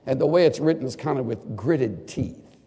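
An older man preaching a sermon in a large hall to students and faculty. He swings from loud, lively bursts to quiet, earnest asides. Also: mid-range voice, moderate pace, husky. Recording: long hall reverb.

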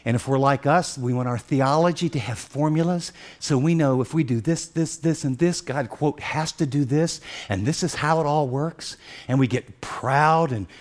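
A man preaching a sermon, retelling scripture as vivid dramatic storytelling and swinging from hushed, slow passages to loud, excited ones. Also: a little high.

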